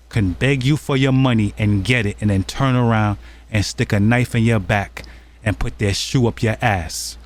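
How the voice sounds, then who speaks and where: A man talks through a video he is reacting to. He is heated and preachy, and he repeats himself as he builds his point. His pitch sits in the middle range. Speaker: commentary vlogger. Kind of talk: angry reaction commentary.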